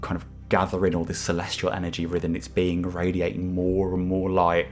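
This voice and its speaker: A man's voice: deep voice, completely flat delivery, fairly quick, faint music behind. A man narrating as game master of a tabletop game, with hesitant, filler-heavy description.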